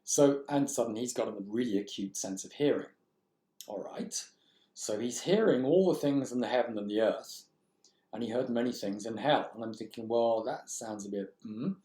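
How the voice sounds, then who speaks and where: A man's voice: medium pitch, moderate pace, dark tone. A man lecturing on literature, thinking aloud and posing rhetorical questions to his students. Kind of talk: recorded lecture. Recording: echoey room.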